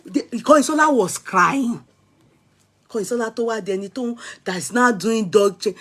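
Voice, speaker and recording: A middle-aged woman with a Nigerian accent, telling a personal story in a casual vlog, animated and dramatic, with soft asides. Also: medium pitch, normal speed, husky. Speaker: vlogger.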